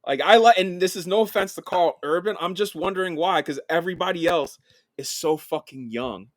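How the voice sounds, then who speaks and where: A man co-hosting a film podcast in casual chat, animated, laughing often and swearing freely. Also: high-pitched, a little fast, dry recording. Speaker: podcast co-host.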